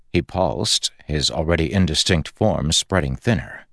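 A man giving a measured, expressive scripted narration of an audiobook. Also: a bass voice, gravelly, no room sound, studio quality.

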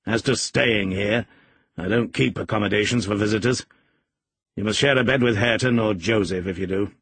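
A man voicing a stern, gruff master of the house. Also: fairly low pitch, normal speed, a bit bright, dry recording. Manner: stern, clipped.

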